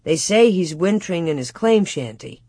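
A woman's voice: lowish voice, animated, moderate pace, dark tone, breathy edge, dry recording. A woman putting on a mild pioneer father. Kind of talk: audiobook reading.

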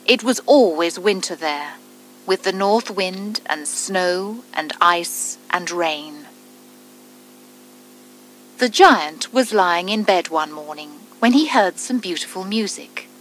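Unhurried woman reading a storybook. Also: on the low side, a little hiss or hum, rough recording. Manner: calm, deliberate, clearly spaced reading. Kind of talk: reading a children's story aloud.

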